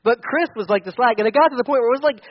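A man's voice: very high-pitched, rapid-fire, highs cut off. A young man preaching a sermon as a pastor, conversational and storytelling, with frequent restarts. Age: young adult.

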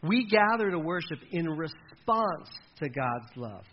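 A male pastor preaches with an animated, conversational delivery and a fairly high voice, dropping low and hushed when he voices God's words. The recording is a little muffled, with a faint hiss underneath. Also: measured pace. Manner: animated preaching, drops low and quiet when quoting God. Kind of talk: sermon.

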